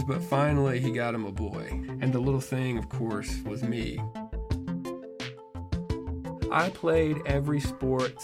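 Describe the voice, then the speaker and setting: A man in his thirties telling a personal story in a wry, self-mocking, conversational way. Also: mid-range voice. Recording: music heard behind the voice. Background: music.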